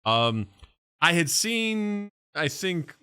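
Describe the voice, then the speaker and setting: A man co-hosting a podcast in casual chat, a rambling storyteller who keeps slipping into quick impressions. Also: a little high, big pitch swings, sharp tone, clean tone. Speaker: podcast co-host.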